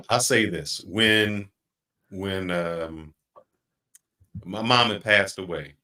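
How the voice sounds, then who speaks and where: A middle-aged man hosting a podcast, speaking in an earnest, reflective way and slowing down to stress his points. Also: low-pitched, sharp tone. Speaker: podcast host. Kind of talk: casual podcast chat.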